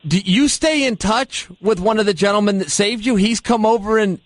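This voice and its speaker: An earnest male interviewer asks questions, stumbling and repeating words as he goes. His voice is high for a man. The sound is dry and close. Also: moderate pace, no echo. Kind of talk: casual interview.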